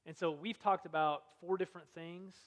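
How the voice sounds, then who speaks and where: A man giving a sermon to students, preaching in an earnest, conversational way that swells loud and drops quiet. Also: high-pitched, fairly even intonation, moderate pace. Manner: earnest, conversational preaching with big swings in loudness. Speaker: campus ministry speaker. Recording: long reverb of a large hall.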